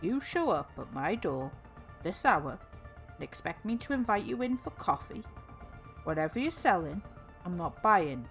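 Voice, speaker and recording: A gruff, short-tempered man, played by a woman reading aloud, snapping his words out curtly. The lines rise and fall a lot, with faint music underneath. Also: fairly low pitch, sing-song, measured pace, a bit bright, exaggerated voice. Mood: hostile. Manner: gruff, curt. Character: gruff, irritable man woken late at night.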